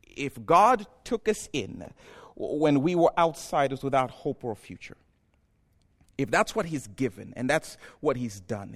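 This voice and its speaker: A man preaching a sermon in a church, building from quiet, reflective passages to impassioned, near-shouted peaks. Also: mid-range voice. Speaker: pastor.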